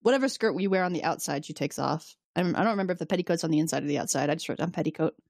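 A woman's voice: low-pitched, rapid-fire, darkish tone, dry recording, clean studio sound. A woman co-hosting a podcast, recapping an episode in casual chat, laughing often and swearing freely.

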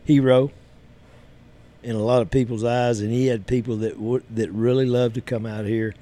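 A man's voice: mid-range voice, level tone, moderate pace, mellow. A man, a guest telling stories in an easygoing, rambling way. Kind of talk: casual storytelling chat.

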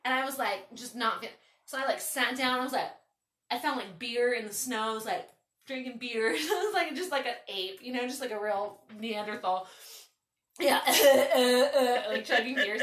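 Animated, foul-mouthed woman telling a story. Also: fairly high pitch, moderate pace, roomy sound, recorded from a distance. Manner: animated, swearing, lots of "like". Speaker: podcast host. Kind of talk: casual storytelling chat.

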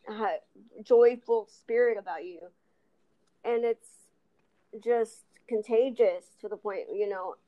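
A young woman hosting a casual chat. She has a speech impediment and rambles, starting sentences over and over. Her voice sits at an ordinary middle pitch. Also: a little mellow, highs cut off. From New Mexico, raised in Texas. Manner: rambling, with many restarts and laughs. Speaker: host.

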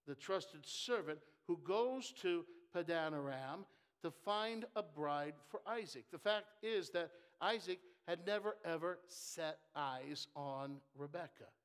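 Animated high-voiced male preacher. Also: clean tone. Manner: animated, swings between loud emphasis and soft asides; jokes with the congregation. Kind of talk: sermon.

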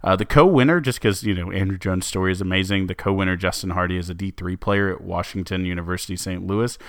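A low-voiced man co-hosts a casual sports podcast, talking fast and keeping things loose and chatty, with lots of fillers and frequent stops and restarts. The audio is dry and close, with no room sound around it.

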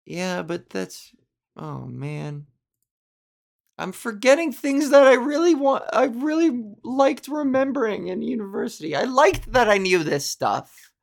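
A woman's voice: on the high side, lively intonation, a little slow, vocal fry. A young adult woman hosting a solo podcast, rambling and ranting with plenty of swearing in casual monologue. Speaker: podcast host.

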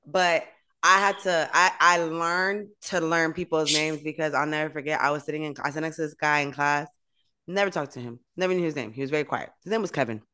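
Smooth-voiced woman, lively podcast chat. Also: low-pitched, a little fast. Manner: lively storytelling, laughs often. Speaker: podcast co-host. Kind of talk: casual chat.

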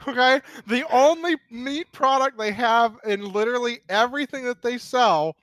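A man telling a rambling, profane story in casual chat, animated and laughing. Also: very high-pitched, normal speed, dry recording.

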